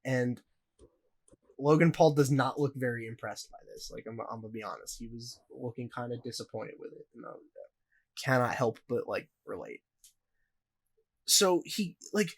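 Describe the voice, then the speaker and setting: A man's voice: mid-range voice, lively intonation, normal speed, a bit bright, breathy edge. A young man co-hosting a podcast, telling a story in a rambling, profane way full of filler words. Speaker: podcast co-host. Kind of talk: casual podcast chat.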